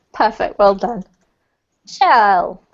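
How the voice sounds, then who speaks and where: Gravelly and extremely slow, a medium-pitched woman's voice moves with lively intonation. Teaching English pronunciation in an online class, she stays chatty and encouraging with a light laugh. The video-call recording is dull and lo-fi.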